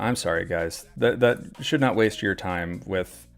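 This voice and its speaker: A man hosts a live trading stream, giving casual market commentary full of fillers, swearing and exasperated ranting. His voice sits low, and he talks a little slowly with hardly any pauses. Soft music plays in the background.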